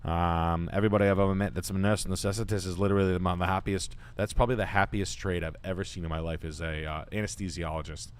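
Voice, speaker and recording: A man talks with his co-host in a loose, profane ramble. His voice sits a little low, and he peppers his talk with "um" and blunt opinions. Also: steady tone, quick pace, hardly any pauses, smooth. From Boston area, United States. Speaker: podcast host. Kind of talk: casual crude chat.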